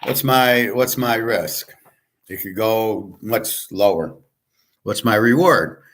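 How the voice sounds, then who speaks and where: A man hosts a casual solo monologue with market and poker tips, speaking slowly in a lowish, slightly bright voice. He's blunt and profane, opinionated and sarcastic, rambling along with frequent restarts and sarcastic asides.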